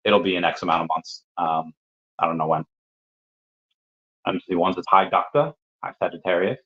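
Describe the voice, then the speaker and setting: Dull lo-fi stream audio carries a man's deep voice at a normal speed with fairly even intonation. He's hosting a casual livestream, reading viewers' comments aloud and replying with playful asides.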